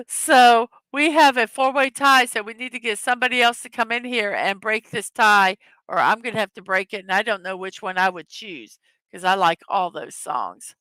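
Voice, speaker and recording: A woman's voice: on the high side, normal speed, sharp tone, no room sound, low-quality recording. A woman hosting a casual live stream, chatting with viewers and reading their comments, giggling often, with many fillers. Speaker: livestream host.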